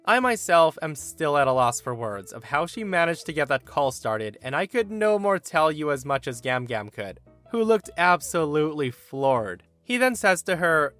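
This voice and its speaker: A man narrating entitled-people stories as host, in an animated, expressive manner. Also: fairly high pitch, moderate pace, few pauses, soft background music. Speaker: story narrator and podcast host. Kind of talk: storytelling narration of reddit posts.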